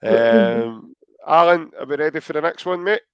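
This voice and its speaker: A man's voice: fairly high pitch, normal speed, clear, resonant tone, no room sound, highs cut off. A Scottish man hosting a football podcast quiz, chatty and joking with plenty of hesitations. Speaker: podcast host. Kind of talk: casual podcast chat.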